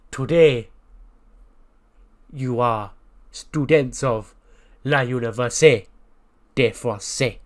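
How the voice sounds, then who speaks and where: Here is a pompous, blustering French wrestling teacher, as a man puts him on, with a thick put-on accent and big drawn-out words. He booms over the class and drags every word out slowly. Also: close to an everyday voice. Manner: loud, theatrical, stretches words.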